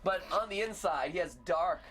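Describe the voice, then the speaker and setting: A man's voice: high-pitched, normal speed, slight background noise. A man hosting a game livestream, bantering playfully and reading game text aloud. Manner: goofy, animated, breaks into laughter. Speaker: livestream host playing a fan game.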